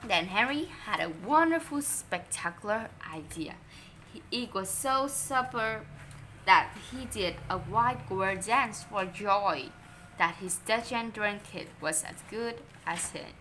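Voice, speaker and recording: A woman reading a children's story aloud in an expressive, unhurried way. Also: medium pitch, a little hiss or hum.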